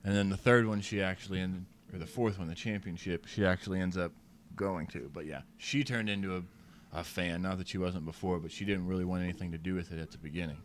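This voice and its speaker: Low-voiced male co-host, steady plot recapper, slight background hiss. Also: fast. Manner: calm, recaps plot in detail. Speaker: podcast co-host. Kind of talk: casual movie discussion.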